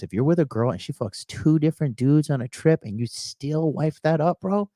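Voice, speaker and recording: A man's voice: on the high side, lively intonation, normal speed, hardly any pauses, warm tone, no echo, clean studio sound. A man hosting a reaction commentary, talking bluntly and scolding, often repeating a phrase several times for emphasis. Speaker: host of a dating advice channel.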